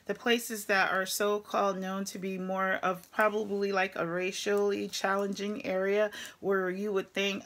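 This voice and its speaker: A woman's voice: medium pitch, little pitch movement, a little slow, fairly bright tone. A woman truck driver with a New Jersey accent, chatting frankly to camera, laughing often and putting on voices as she tells stories. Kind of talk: casual talk to camera. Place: at her computer.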